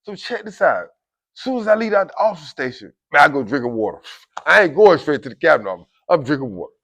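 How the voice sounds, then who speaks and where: Gravelly animated man telling a story. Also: on the high side, quick pace. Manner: animated, keeps addressing listeners directly; acts out quoted voices of guards and inmates. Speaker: storyteller recounting prison life. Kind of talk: casual spoken storytelling to camera.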